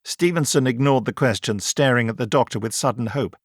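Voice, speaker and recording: A man reading an audiobook in scripted narration, measured and even. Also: medium pitch, dry recording, studio quality.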